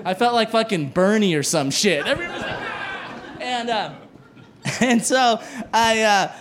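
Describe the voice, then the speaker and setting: A high-pitched male comedian telling a story on stage. He delivers it in a loose, profane, animated way and bursts into shouts when he quotes himself or others. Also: measured pace, a crowd in the background, noisy background. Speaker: stand-up comedian. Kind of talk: live storytelling performance. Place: live stage show.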